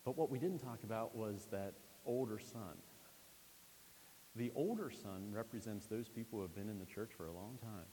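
In a church sanctuary, a male pastor with a mellow, lowish voice delivers a conversational sermon at normal speed. He keeps checking in with the congregation, often asking "all right?" The audio carries a long hall reverb and faint hiss.

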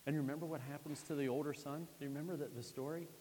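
A man's voice: on the high side, steady tone, very fast, warm tone. Pastor guy preaching, chatty, keeps asking all right, long echo in the sanctuary. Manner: conversational preaching, frequent "all right?" check-ins. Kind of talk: sermon. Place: church sanctuary. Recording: long hall reverb, faint hiss.

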